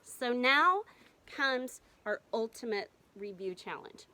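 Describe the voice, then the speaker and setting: A woman's voice: fairly high pitch, expressive, slow, bright, forceful tone. A woman teaching a remote reading lesson to first graders, patient and encouraging as she sounds out words.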